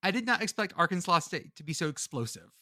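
A man's voice: high voice, expressive, fast, pushed and bright, dry recording, clean studio sound. A man co-hosting a casual college football podcast, riffing jokes and stumbling over his words. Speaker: podcast co-host. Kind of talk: casual sports chat.

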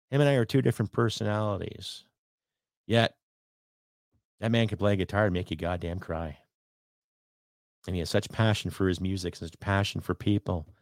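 Middle-aged Canadian podcast host, blunt and profane, dry close recording. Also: male voice, lowish voice, no room sound. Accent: Canadian English. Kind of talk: opinionated solo podcast monologue.

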